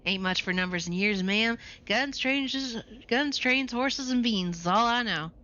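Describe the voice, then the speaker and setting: A folksy old cowboy with a slow, drawling way of talking and a wistful streak, as a woman puts him on. The voice rides high and bright. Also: muffled recording.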